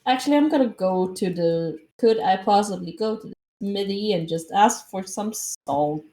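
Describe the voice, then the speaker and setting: A woman's voice: mid-range voice, normal speed, warm tone. Polite woman player in an echoey room. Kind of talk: casual tabletop game play.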